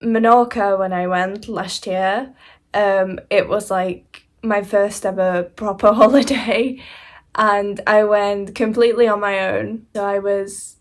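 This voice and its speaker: Young woman vlogger from Hungary, casual storytime, chatty and rambling, mid-pitched. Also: fairly even intonation, slow pace. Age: young adult. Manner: rambling, chatty, frequent fillers and soft laughs. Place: indoors at home, seated beside laptop.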